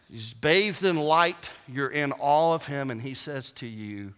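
A male pastor delivers a sermon in a bright, forceful voice. He preaches emphatically and breaks into joking asides. His voice rings out with a long reverb from a large hall. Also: medium pitch, expressive, unhurried, few pauses, smooth.

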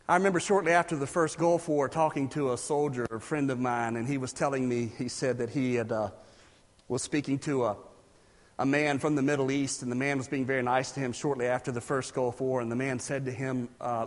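A man from South Carolina, preaching a sermon as pastor and building to loud, emphatic bursts. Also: mid-range voice, fairly quick. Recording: reverberant hall.

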